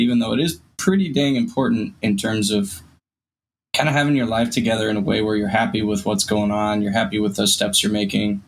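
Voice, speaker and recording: Easygoing low-voiced man chatting. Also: a little hiss or hum, poor audio. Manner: easygoing, hesitant, casual phrasing. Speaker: podcast co-host. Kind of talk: casual book-club chat.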